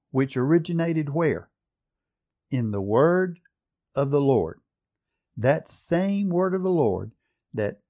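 A male preacher delivering a sermon in a mellow, rounded voice that sits a little higher than most men's. He reads scripture aloud and asks his listeners questions. He slows to a low, deliberate drawl for emphasis, then picks the pace back up. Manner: drops low and slow for emphasis, then speeds up.

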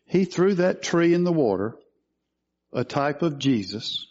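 A man's voice: on the high side, very animated, unhurried, darkish tone, dull audio. A man preaching a sermon, teaching through scripture and asking questions of his listeners. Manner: teaching, asks questions of the congregation.

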